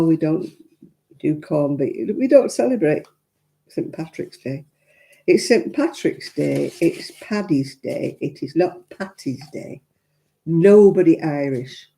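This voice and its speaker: A frank, chatty Englishwoman hosts a live crafting stream, answering her viewers' comments as she goes. Her voice is very dark and mellow. She laughs easily and speaks her mind. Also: low-pitched, creaky. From England. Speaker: crafting livestream host. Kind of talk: chatty livestream talk.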